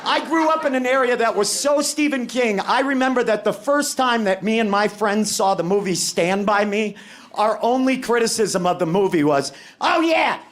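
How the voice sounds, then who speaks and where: A man's voice: high voice, moderate pace, a bit bright. A man from Maine doing a brash, profane, self-mocking stand-up set on a club stage. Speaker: stand-up comedian. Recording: live club mic with crowd and noise. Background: audience laughing.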